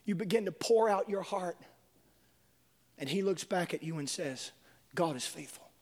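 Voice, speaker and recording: High-voiced preacher in a reverberant hall. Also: male voice, moderate pace. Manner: dramatic swings from hushed whispers to shouting. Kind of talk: sermon. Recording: long reverb of a large hall.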